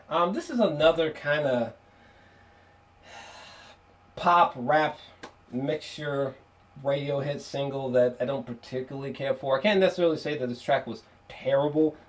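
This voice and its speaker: A man casually reviewing an album on video, excitable and profane, laughing often and restarting his sentences. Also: medium pitch, normal speed.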